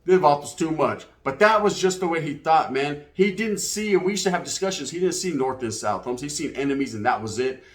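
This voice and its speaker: A man's voice: on the high side, animated, fairly quick, hardly any pauses. A man from California, telling stories in a casual, slang-heavy way and acting out other people's lines. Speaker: guest storyteller. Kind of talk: casual storytelling. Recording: roomy echo.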